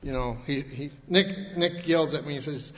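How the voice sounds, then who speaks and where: A middle-aged man from Montana, speaking a touch high, tells his recovery story from a podium in a big hall. He rambles in a folksy way, restarting sentences and slipping into loose colloquial grammar. The old tape is dull and lo-fi, with a long reverb tail and a faint hiss behind him. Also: moderate pace, a bit bright. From Montana, USA. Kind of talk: personal recovery story told to an audience. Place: large convention hall.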